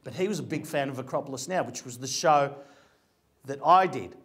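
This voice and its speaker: A man's voice: medium pitch, brisk, fairly bright tone. A middle-aged man, an actor telling stories about his career in a chatty, rambling way with frequent restarts. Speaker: actor giving a talk. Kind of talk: casual storytelling talk.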